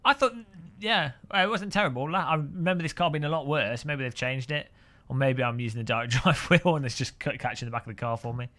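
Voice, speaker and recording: A man's voice: medium pitch, fast, fairly bright tone. A man streaming sim racing, chatting and joking with viewers and often laughing. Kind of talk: casual live-stream commentary while sim racing.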